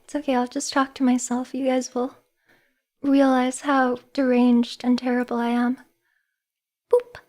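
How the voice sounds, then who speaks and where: A woman VTuber talks casually to her stream in a high voice, taking her time over the words. She giggles often and pokes fun at herself. Her nerves show and her hands are shaking. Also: flat delivery, measured pace, long pauses, darkish tone. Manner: giggly, emotional, self-deprecating. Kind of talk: casual livestream chat.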